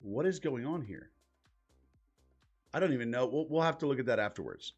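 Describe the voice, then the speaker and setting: Husky, blunt live-stream host, lively delivery. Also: male voice, medium pitch, fairly quick, muffled recording, soft background music. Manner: blunt, profane and incredulous. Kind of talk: casual live-stream commentary.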